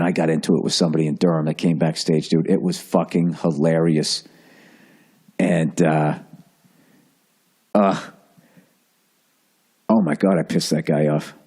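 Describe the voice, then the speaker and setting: A man hosting a podcast, rambling through a profane comedic monologue with lots of restarts and mocking asides. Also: sits low. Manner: animated storyteller. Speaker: podcast host.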